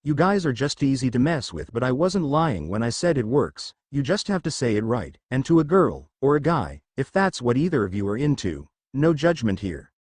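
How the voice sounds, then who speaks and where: A man's voice: mid-range voice, moderate pace, hardly any pauses, no room sound, studio quality. A man voicing a laid-back joking uncle who likes to tease his nephew, read for a fan fiction story. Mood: easygoing. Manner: teasing, relaxed.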